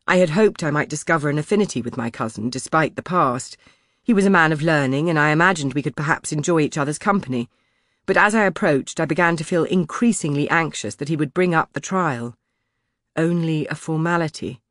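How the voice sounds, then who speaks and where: A man's voice: on the high side, no echo, studio quality. Man narrating a historical audiobook. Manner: measured, expressive storytelling. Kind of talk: first-person scripted audiobook narration. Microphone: close studio mic.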